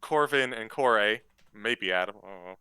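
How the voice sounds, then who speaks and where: A man's voice: fairly low pitch, moderate pace, bright, forceful tone, clean tone, no room sound. A man playing a tabletop game, speaking in a hesitant, pondering way. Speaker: player. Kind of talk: tabletop role-play chat.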